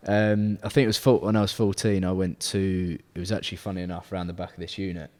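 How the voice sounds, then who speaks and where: A twenty-year-old Englishman with a deep, darkish voice hosts a casual podcast, talking fast and flat while rambling through fillers and restarts. He's a podcast host who also runs a car detailing business. The recording carries a long hall reverb.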